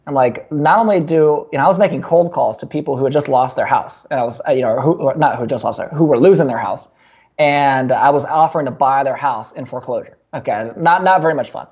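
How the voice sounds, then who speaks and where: A young man in his twenties, a podcast guest, telling a long personal story in a casual, animated way with many fillers and restarts. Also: fairly high pitch, quick pace, slightly rough, lo-fi sound.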